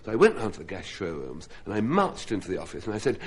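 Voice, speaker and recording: A man's voice: on the low side, huge pitch swings, fast talker, few pauses. A man on a comedy panel show, telling a self-mocking comic story to a studio audience. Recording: 1970s radio broadcast with audience laughter. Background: studio audience laughing.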